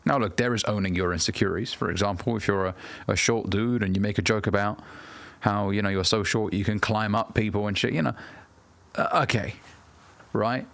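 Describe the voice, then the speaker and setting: A man in his thirties lectures the camera with blunt, profane conviction. His low voice carries a gravelly fry. The sound is close and dry, with no room around it. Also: steady tone, brisk, fairly bright tone, dry recording. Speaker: dating and self-improvement coach. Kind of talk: direct-to-camera advice talk.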